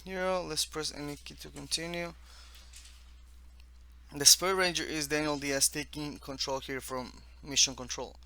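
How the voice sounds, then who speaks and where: A man from the East Coast of the United States casually walks through his own text game, reading the on-screen text haltingly with restarts and asides. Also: on the high side, fairly even intonation, vocal fry, sharp tone.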